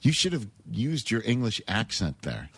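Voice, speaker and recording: A sports radio host trades teasing, incredulous banter with his co-hosts. His voice is husky, and his pitch swings widely. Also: big pitch swings, moderate pace, fairly bright tone.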